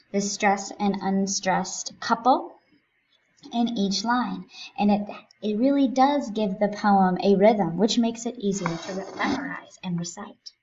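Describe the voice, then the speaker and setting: Woman, teacher, slow careful delivery, recorded lesson, dull lo-fi sound. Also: medium pitch, husky. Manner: deliberate, stresses key words with rising emphasis. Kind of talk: recorded lesson explaining a sonnet.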